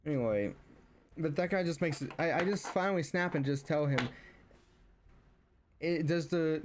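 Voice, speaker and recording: A man's voice: on the high side, normal speed, long pauses, a little hiss or hum. A young man venting in a casual story, rambling with many false starts and fillers. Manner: exasperated, venting. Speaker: streamer.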